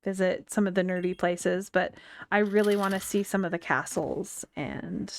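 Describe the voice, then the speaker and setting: A woman's voice: lowish voice, fairly even intonation, moderate pace, slight background noise. A woman from the United States with a Western twang, chatting and rambling through stories while she streams a game. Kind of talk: casual chat while playing a game. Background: faint game music.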